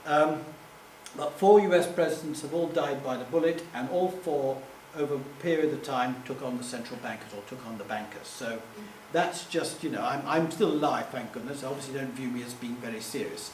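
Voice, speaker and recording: A man's voice: mid-range voice, fairly quick, darkish tone. A man giving a live talk to an audience, rambling and self-deprecating, with jokey asides. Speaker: public speaker. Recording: echoey room, distant mic, faint hum.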